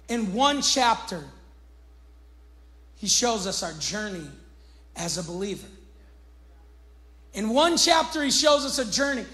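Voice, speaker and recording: A male pastor preaching a sermon, swinging between hushed reflection and shouted emphasis. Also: very high-pitched, poor audio. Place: church.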